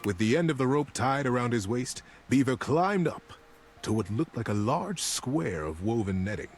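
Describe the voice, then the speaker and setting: A man narrates a storybook with a voice that rises and falls widely, middle in pitch. He reads expressively to his stream audience, with faint music playing underneath. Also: moderate pace. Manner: expressive, lively reading. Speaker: streamer reading a story aloud.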